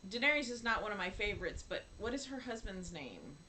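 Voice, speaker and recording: A woman in her fifties co-hosting a casual chat, laughing often and acting out quotes with big jumps in pitch. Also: sing-song, a little fast, pushed and bright, a little hiss or hum, rough recording. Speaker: podcast co-host.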